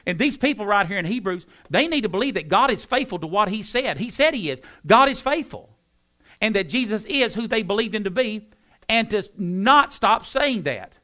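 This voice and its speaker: A man preaching a sermon, repeating key phrases with emphasis and dropping into soft tones. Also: high-pitched, animated, moderate pace. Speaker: pastor.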